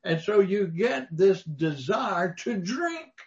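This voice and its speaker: A man's voice: high-pitched, sing-song, slow pace, lo-fi sound. A man preaching a sermon, telling folksy stories with emphatic rises. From Mississippi, US. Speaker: pastor.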